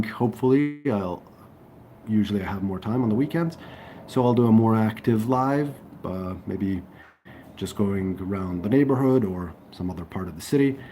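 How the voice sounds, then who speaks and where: A man's voice: fairly low pitch, warm tone. A man chatting casually to viewers on a livestream, rambling with fillers and restarts. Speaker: livestream host. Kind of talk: casual live-stream chat. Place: indoors near a railway line. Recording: faint train noise in background. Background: passing train noise.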